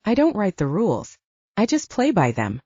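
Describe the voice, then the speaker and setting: A woman's voice: medium pitch, wildly swooping pitch, normal speed, warm tone, breathy edge, no room sound, muffled recording. Woman voicing a wry young hero.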